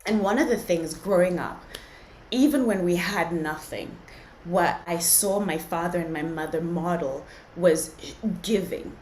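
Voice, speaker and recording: A low-pitched woman from Zimbabwe speaks as an interview guest, unhurried, earnest and reflective as she tells her own story. Her voice rings in an echoey room. A faint hiss sits underneath. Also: a little mellow. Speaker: podcast guest, entrepreneur. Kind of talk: casual interview conversation.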